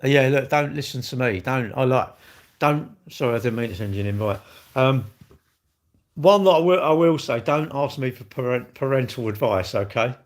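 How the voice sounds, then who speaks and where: Bloke, live-stream host, blunt and rambling, cheeky asides to chat. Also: male voice, medium pitch, normal speed.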